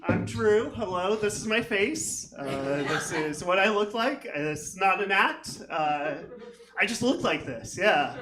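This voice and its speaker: A man's voice: high-pitched, expressive, takes it slowly. A man doing a stand-up comedy set on a theater stage, rambling and self-deprecating with many fillers, recorded live with a crowd laughing. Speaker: stand-up comic. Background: audience laughter.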